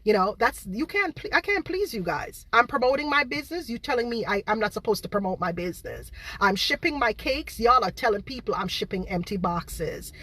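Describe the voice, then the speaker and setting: Bright-voiced woman venting on a stream. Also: a little high, animated, fairly quick, few pauses, slightly rough, dry recording. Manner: exasperated, repetitive, talks straight to viewers. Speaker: home baker and online seller. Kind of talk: live-stream rant to viewers.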